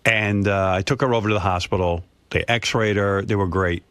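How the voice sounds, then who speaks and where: A middle-aged man in casual radio chat, telling an animated family story. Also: lowish voice, moderate pace, clean tone, no room sound. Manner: animated storyteller, acts out his parents' voices.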